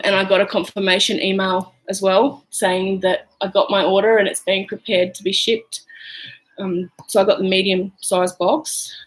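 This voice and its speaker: A woman's voice: medium pitch, poor audio. A woman with an Australian accent, chatting casually and rambling through her makeup routine at home, with plenty of "um" and "like". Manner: chatty and rambling, lots of fillers. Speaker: beauty vlogger.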